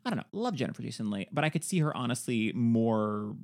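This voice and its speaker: Male podcast host, mid pitch, chatty and teasing in casual film talk. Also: expressive, fast. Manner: chatty, quizzes co-host playfully.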